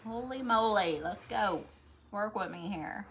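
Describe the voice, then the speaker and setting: A woman's voice: mid-range voice, unhurried, fairly bright tone, a little hiss or hum. A woman hosting a casual live craft stream, chatting to viewers and laughing often. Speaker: craft livestream host.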